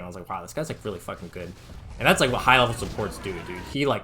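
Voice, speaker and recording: A man's voice: mid-range voice, a bit bright, slight background noise. A young man casually commenting on his own game footage as a coach, rambling and filling his talk with "like.". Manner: rambling, filler-heavy, says "like" constantly. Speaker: Dota coach analyzing his own gameplay.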